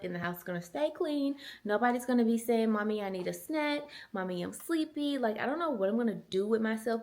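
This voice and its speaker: A woman in her twenties, a mom vlogger chatting casually and animatedly to her camera. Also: medium pitch. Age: 20s. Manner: chatty, animated, uses y'all and girl. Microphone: small handheld camera.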